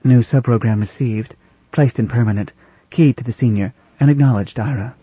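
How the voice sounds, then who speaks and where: A man's voice: mid-range voice, moderate pace, warm tone, husky, dry recording, dull audio, lightly acted. A man voicing a toneless female computer. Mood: formal. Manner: toneless, formal and precise. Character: calm, literal female house computer.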